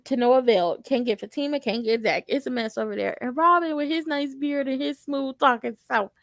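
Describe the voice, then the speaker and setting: A sassy young woman casually recapping a TV drama episode, joking and telling the story in an animated way. Her voice is high-pitched. The sound is dry and close. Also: a little fast, no echo. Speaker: tv recap vlogger.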